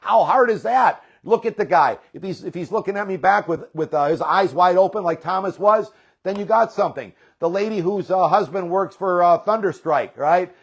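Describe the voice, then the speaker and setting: A man's voice: high voice, normal speed, vocal fry, slightly rough. A man leading a network marketing team, giving a fired-up, rambling motivational talk that repeats itself.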